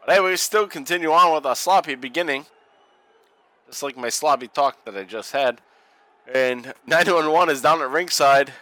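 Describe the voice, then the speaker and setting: A man co-hosting a casual watch-along podcast, joking, profane and excitable. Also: fairly high pitch, moderate pace, no echo, rough recording. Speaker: podcast co-host.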